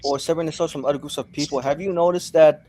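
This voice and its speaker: A man's voice: a little high, steady tone, racing, mellow, a little hiss or hum. A man hosting a panel podcast, affirming others, handing the floor to them and sometimes stumbling over words. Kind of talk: casual panel discussion.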